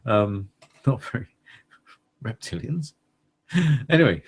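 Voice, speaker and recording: A man chats on a talk radio show in a husky voice. His pitch rolls up and down in a lively way. He wanders from thought to thought, full of fillers and playful asides. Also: takes it slowly. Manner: rambling and playful, with many fillers and laughs. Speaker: co-host. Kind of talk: casual radio chat.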